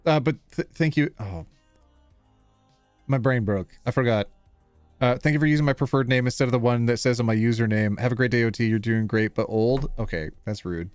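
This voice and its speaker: A man's voice: medium pitch, brisk, smooth, no echo, faint music behind. A man in his thirties hosting a live stream, playful and self-deprecating, fumbling over names and joking with chat. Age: 30s.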